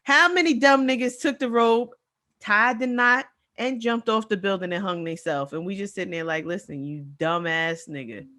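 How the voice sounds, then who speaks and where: A woman's voice: on the high side, sharp tone. A woman co-hosting a casual podcast chat, chiming in with blunt reactions and her own stories. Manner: quick hype reactions and blunt commentary. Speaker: podcast co-host.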